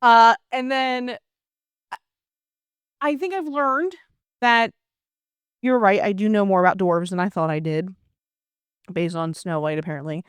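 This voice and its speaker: A woman's voice: medium pitch, measured pace, pauses often, clean tone, dry recording, studio quality. Playful exasperated woman chatting. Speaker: co-host, player's wife. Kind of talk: casual chat.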